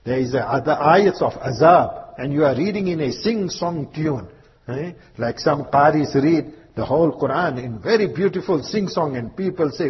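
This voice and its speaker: A man giving a slow, emphatic religious talk in English, mixing in Urdu verse and Arabic terms. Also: fairly high pitch, animated. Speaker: Islamic preacher. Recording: dull reverberant hall recording with faint hiss.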